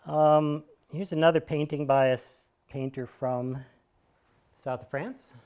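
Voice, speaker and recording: An American man in his fifties talks to a small theater audience in a rambling, storytelling monologue. His voice sits a bit higher than most men's. He drifts into wry asides and dry chuckles as he goes. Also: steady tone, unhurried, a little mellow, clean tone, highs cut off. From United States. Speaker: solo performer speaking to an audience.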